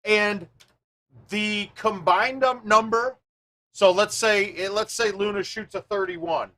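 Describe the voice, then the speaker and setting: A man hosting a live stream, chatting casually with viewers and thinking out loud as he plays a golf game. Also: sits high.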